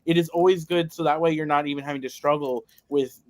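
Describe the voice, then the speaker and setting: A man's voice: a little high, fairly even intonation, fast, a little mellow. A man co-hosting a casual chat, laid-back and profane, turning earnest when he gives advice.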